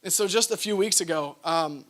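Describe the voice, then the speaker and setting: A man's voice: high voice, moderate pace, a bit bright. A man, preaching a sermon in a conversational storytelling manner with frequent asides. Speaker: pastor.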